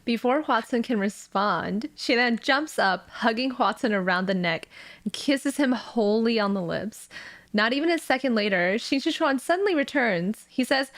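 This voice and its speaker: A high-voiced woman co-hosts a podcast in casual chat, excitable and quick to giggle. Her pitch swoops up and down as she reads chat messages and story passages aloud. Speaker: podcast co-host.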